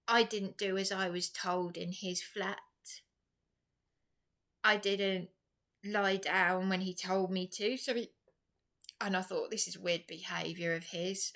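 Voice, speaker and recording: A woman's voice: medium pitch, a bit bright. An upset English woman speaking straight to camera in a rambling, impassioned personal vlog. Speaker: vlogger.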